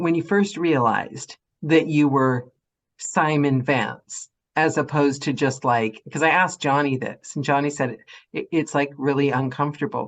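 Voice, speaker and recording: A woman from England hosting an interview, asking curious questions in a friendly, laughing way. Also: sits low. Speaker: podcast host. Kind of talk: casual interview chat.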